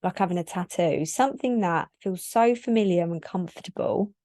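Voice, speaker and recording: A woman's voice: on the low side, moderate pace, dark tone, no room sound, studio quality. A woman in her thirties hosting a solo podcast, talking in a candid, reflective, rambling way with lots of "like" fillers. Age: 30s. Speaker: podcast host.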